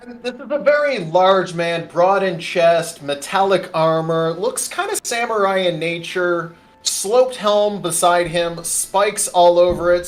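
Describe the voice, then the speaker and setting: Game master, a man narrating a tabletop game on a call, easygoing and rambling, voice a bit high. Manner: casual, rambling, full of fillers. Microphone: online voice call.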